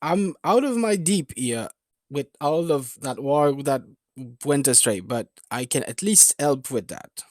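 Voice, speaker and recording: A man's voice: fairly high pitch, animated, measured pace, darkish tone, no echo, studio quality. A man voicing a nervous male Red Cross worker with a Swedish accent, stammering as he pleads. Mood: earnest.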